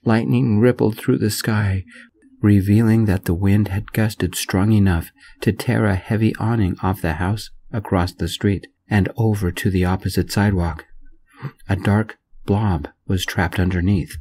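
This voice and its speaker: A man reading a first-person romance story aloud in a soft-spoken ASMR narration style, gentle and unhurried. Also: on the low side, fairly even intonation, husky.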